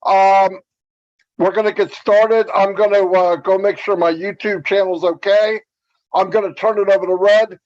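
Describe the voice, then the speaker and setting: A man hosting a livestream, relaxed and easygoing, who opens the show and reads viewer shout-outs over a video call. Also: high-pitched, normal speed, dull audio. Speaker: host.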